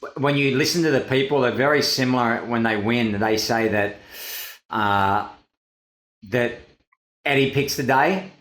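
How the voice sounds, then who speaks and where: A man's voice: mid-range voice, measured pace, pauses often, fairly bright tone. A man hosting a casual surf podcast, laid-back and reflective, swearing casually as he talks. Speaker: podcast host, big-wave surfer. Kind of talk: casual conversational interview. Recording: roomy echo.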